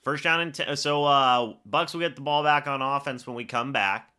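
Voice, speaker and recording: A man's voice: mid-range voice, normal speed, sharp tone, clean tone. A man hosting a live fan reaction stream, calling each play like a broadcaster and chatting to viewers between snaps. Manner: calls plays like a broadcaster, then chats with viewers.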